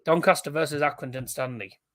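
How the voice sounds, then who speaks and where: A man hosts a live stream, reading out cup ties one after another and answering the chat between them. His voice sits a little high and sounds bright and forceful, with a casual, conversational delivery. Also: a little fast. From England. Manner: chatty, reads out fixtures and answers live chat. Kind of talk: live draw commentary.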